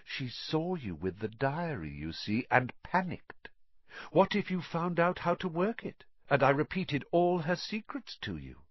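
A man's voice: on the high side, very animated, a little slow, breathy edge, dry recording, highs cut off, voice pushed up, exaggerated voice. A man reading an audiobook, voicing a scheming, sneering sixteen-year-old boy wizard who gloats in a silky, cold manner. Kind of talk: audiobook character voice.

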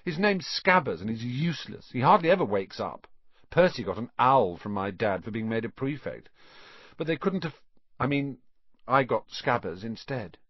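An apologetic young wizard boy rambles with a raised, lively husky voice, as a man reads him in an audiobook. He sounds self-conscious and a bit gloomy. The recording is dull and dry. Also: mid-range voice, normal speed, no echo. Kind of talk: audiobook character reading.

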